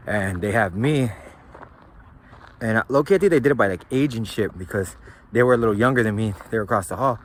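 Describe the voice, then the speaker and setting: A man from with a relaxed, low-pitched voice tells his own story in a casual vlog. His delivery is loose and rambling, full of street slang and profanity. A faint background noise sits under the recording. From San Gabriel Valley, California.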